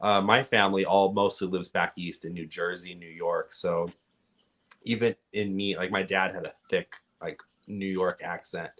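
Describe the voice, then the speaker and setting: A man with a Californian accent, a podcast guest calmly explaining things at length in casual conversation. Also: low-pitched, moderate pace. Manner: relaxed, explanatory, giving advice at length. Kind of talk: casual interview chat.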